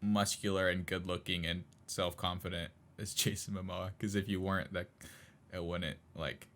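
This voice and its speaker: A man's voice: low voice, flat delivery, moderate pace, fairly bright tone. A man co-hosting a casual podcast chat, rambling with lots of fillers and frequent laughs. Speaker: podcast co-host.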